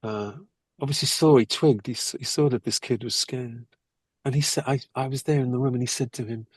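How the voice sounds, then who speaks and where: Husky older man telling stories. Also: medium pitch, fast talker, no room sound. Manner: animated, acts out quoted people. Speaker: actor guest. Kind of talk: anecdotal storytelling in interview.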